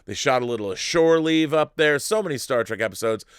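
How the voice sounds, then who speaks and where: A man hosting a live-stream show, reading viewer messages and riffing on them in a rambling, animated way with frequent restarts. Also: medium pitch, fairly quick, clear, resonant tone, no echo, studio quality. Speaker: show host reading viewer super chats. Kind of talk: casual live-stream commentary.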